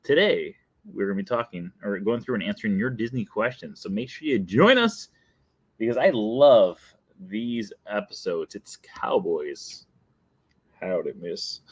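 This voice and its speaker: A man's voice: on the low side, lively intonation, measured pace, husky, no room sound. A young adult man hosting a casual live stream, chatty and playful, often laughing at himself. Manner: playful and chatty, breaks into sung jingle and laughs. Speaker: host.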